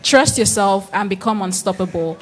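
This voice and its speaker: A woman's voice: medium pitch, animated, moderate pace. A woman accepting an award on someone's behalf, chatty and self-deprecating, reading a message aloud with fillers.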